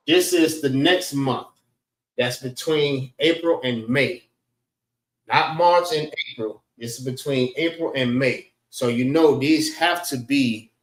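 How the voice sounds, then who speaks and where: Slow-talking male instructor, echoey room. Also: mid-range voice. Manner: drawn-out, repeats "all right?" to check in. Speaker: class instructor. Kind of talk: casual teaching lecture.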